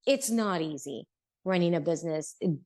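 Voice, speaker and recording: A woman's voice: on the low side, animated, moderate pace, a little mellow. A middle-aged woman on a podcast as a guest, telling her own story in an earnest, heartfelt way and acting out what people said to her. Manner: earnest, heartfelt, acts out quoted speech. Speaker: podcast guest, business owner. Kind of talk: personal storytelling interview.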